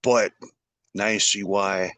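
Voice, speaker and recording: A middle-aged man hosting a conversation, talking in an animated, rambling way. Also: lowish voice, slow pace, no room sound. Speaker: podcast host. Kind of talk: casual conversation.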